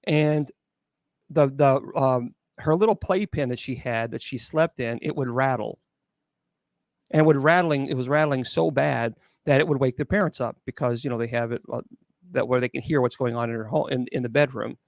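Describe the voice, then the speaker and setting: A bishop telling a haunting tale. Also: male voice, mid-range voice, dry recording, clean studio sound. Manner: halting, with many restarts and fillers; incredulous, emphatic asides. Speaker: bishop and exorcist. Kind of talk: storytelling at an open mic.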